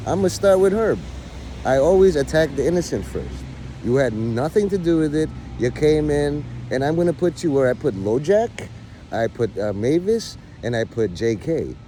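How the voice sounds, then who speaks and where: Man, middle-aged, livestreamer, crude rambling rant, lively swooping pitch, mellow tone. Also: slight background noise. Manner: profane, rambling, mock-bossy toward viewers. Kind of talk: casual rant chat.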